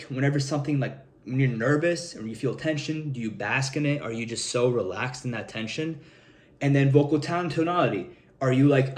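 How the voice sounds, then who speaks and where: A man's voice: mid-range voice, darkish tone. A young man talking straight to camera in a loose, rambling way, full of fillers and casual swearing. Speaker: self-improvement vlogger. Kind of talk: casual advice monologue.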